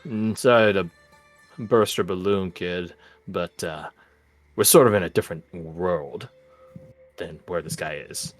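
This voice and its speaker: A man's voice: low-pitched, measured pace, pauses often, soft background music. A man playing a wry, teasing companion. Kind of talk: tabletop game role-play.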